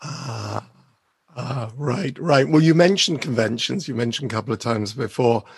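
A man's voice: mid-range voice, moderate pace, gravelly, husky, no echo. A man hosting a casual interview, enthusiastic and given to repeated short reactions. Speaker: interviewer host.

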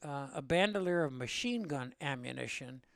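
A man calmly telling a war story from his own service, in a plain, matter-of-fact way. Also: mid-range voice, moderate pace, gravelly, no room sound, studio quality. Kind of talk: spoken recollection in an interview.

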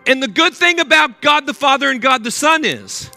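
A man's voice: very high-pitched, moderate pace, soft background music. Older guy preaching, swoops up and down a lot, does little voices in his stories. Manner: animated storyteller, acts out voices. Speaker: pastor. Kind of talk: sermon.

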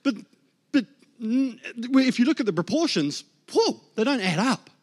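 A man's voice: extremely high pitch, sing-song, moderate pace, darkish tone. A man in his thirties with a New Zealand accent, telling his own story in a sermon and acting out the voices in his head. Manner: storytelling, acts out his inner voices and God's words. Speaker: guest preacher. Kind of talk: sermon testimony.

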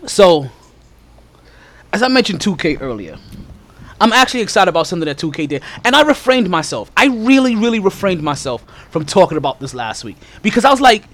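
A man hosting a casual sports podcast, slightly out of breath, talking loosely and animatedly with lots of shout-outs. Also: high voice. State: a little out of breath. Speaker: podcast host.

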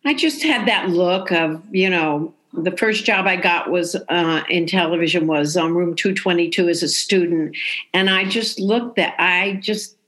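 A woman's voice: on the low side, a little slow, fairly bright tone. An older woman telling a story in casual talk, acting out the voices of the people she quotes.

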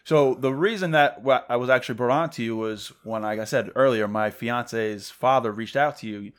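A male podcast host asking questions in a relaxed, conversational way. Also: medium pitch, normal speed. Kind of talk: casual interview.

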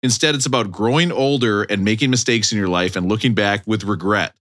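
A man's voice: lowish voice, a little fast, fairly bright tone. A middle-aged man hosting a comedy podcast, rambling and self-mocking in casual chat. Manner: rambling, self-mocking, jumps into silly voices. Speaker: podcast host.

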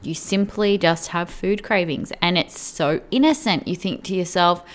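A woman's voice: lowish voice, moderate pace, hardly any pauses. A woman coach giving earnest direct advice to the viewer, often checking in with "right?" and "okay?". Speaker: weight-loss coach.

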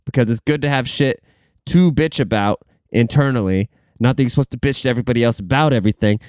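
A young man talks on a podcast in a loose, rambling way, swearing freely and breaking into laughter at his own stories. He sounds tired. His voice is smooth and clear at a middling pitch, recorded close with no room sound. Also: a little mellow, no room sound. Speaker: podcast host. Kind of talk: casual podcast rant.

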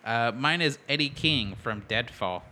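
A man's voice: medium pitch, lively intonation, measured pace, sharp tone, a little hiss or hum. A man co-hosting a podcast in casual chat, playful and laughing often. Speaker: podcast co-host.

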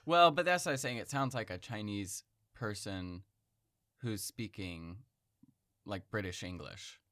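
A man with a very deep voice talks through an idea in a relaxed conversation. He explains patiently and hedges often. The sound is dry and close. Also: unhurried, dry recording. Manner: explanatory, patient, hedging with "like" and "I think". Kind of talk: casual conversation.

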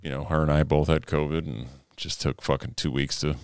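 Male podcast host, deep and smooth, laid-back, supportive, dry close sound. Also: fairly even intonation, brisk, no echo. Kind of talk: casual chat.

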